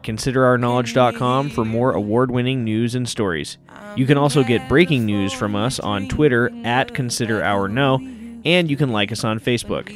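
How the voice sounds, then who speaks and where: A man delivering a matter-of-fact scripted sign-off as host of a comedy radio show. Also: mid-range voice.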